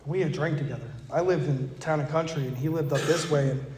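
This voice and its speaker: Man, fairly high voice, loose joking storyteller at a recovery meeting, echoey hall. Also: fast talker, darkish tone, slight background noise. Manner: casual, joking storyteller who acts out other people's voices. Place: meeting room with an audience. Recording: echoey hall with faint ambience.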